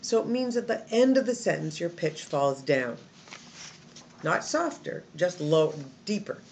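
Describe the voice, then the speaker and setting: A woman teaching English intonation from a textbook, showing the pitch patterns with example sentences. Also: sing-song, a little slow, gravelly, a little mellow, a little hiss or hum. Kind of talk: recorded textbook lesson. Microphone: phone camera.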